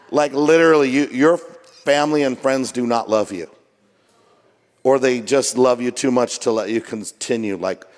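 A middle-aged male pastor preaches in a relaxed, joking, conversational way, sounding jet lagged. His voice sits at an ordinary pitch for a man. It carries a long reverb from a large church hall. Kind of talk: sermon. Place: church auditorium.

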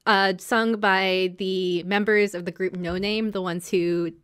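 A woman hosts a podcast in a loose, conversational way, walking through each episode. She talks at an everyday pitch and keeps things chatty, often breaking into quick imitations of the characters. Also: steady tone, a bit bright, clean tone. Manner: chatty, acts out characters' lines in quick asides. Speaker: podcast host. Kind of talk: casual chat recapping an anime.

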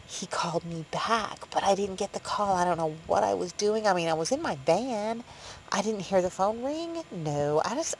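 Woman in her fifties; casual rambling vlog chat, easy laughter, mid-pitched voice. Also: a little hiss or hum, rough recording. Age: 50s. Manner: rambling, chatty, laughs often. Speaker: vlogger. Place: parked van at night.

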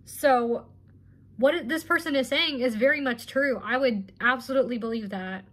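A woman's voice: high voice, moderate pace, a bit bright. A woman hosting a casual reaction video, talking in an indignant, exasperated way. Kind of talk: casual commentary.

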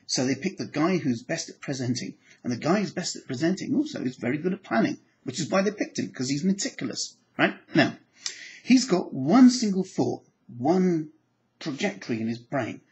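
A man teaching applied psychology to camera, animated and acting out his examples. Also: fairly quick. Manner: animated, acts out examples with sudden pitch jumps. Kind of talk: lecture to camera.

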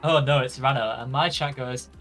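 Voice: mid-range voice, moderate pace, fairly bright tone, faint music behind. Playful streamer joking over voice chat. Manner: mock-indignant, playful teasing. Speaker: fellow streamer in the game. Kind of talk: casual in-game voice chat.

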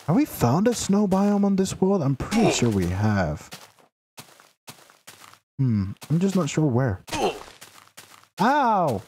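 A man's voice: on the high side, big pitch swings, a little slow, pauses often, dark tone, slight background noise. A young man streaming a game live, rambling casually, chatting to viewers and teasing game characters in mock outrage. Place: home room, sitting in a noisy chair.

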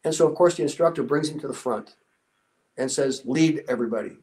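A man in his sixties, a guest in an interview, telling a story earnestly and with a motivational drive, often dropping to a softer, lower voice when he quotes people. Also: fairly quick, low-quality recording. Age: 60s. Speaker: interview guest, former special warfare instructor. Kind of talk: conversational storytelling.

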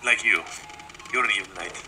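A man's voice: on the low side, brisk, background noise. A young man co-hosting a casual game video, teasing his friend with mock-arrogant banter.

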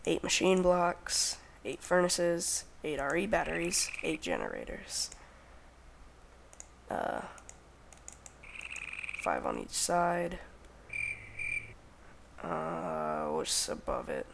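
A man's voice: fairly high pitch, big pitch swings, slow pace, gravelly, pauses often, background noise. A young man hosting a casual game let's play, talking to himself as he crafts and counting under his breath. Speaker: gaming channel host.

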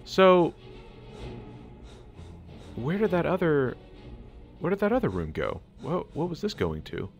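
Excitable American guy narrating gameplay. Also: a little high, unhurried, long pauses, soft background music. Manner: excitable, chatty, laughs a lot. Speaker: gaming channel host. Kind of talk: casual gameplay commentary.

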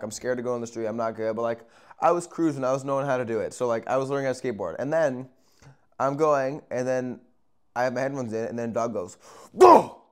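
A young man telling a story in a casual, profane, animated way, with sudden loud bursts and quiet asides. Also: mid-range voice, smooth. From Arizona. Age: young adult.

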